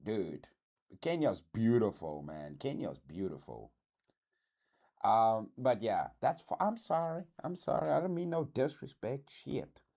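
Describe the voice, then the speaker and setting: South African man, streamer host, casual reaction chat, lively swooping pitch, slangy, keeps saying dude. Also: measured pace. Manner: animated, slangy, says dude a lot, swears.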